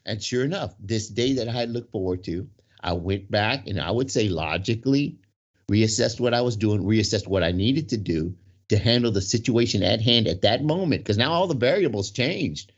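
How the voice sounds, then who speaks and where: In a casual conversation, a man with a fairly low voice tells a long personal story at normal speed, animated and rambling, with frequent restarts and checks of "right?" along the way. The recording has a dull, lo-fi sound.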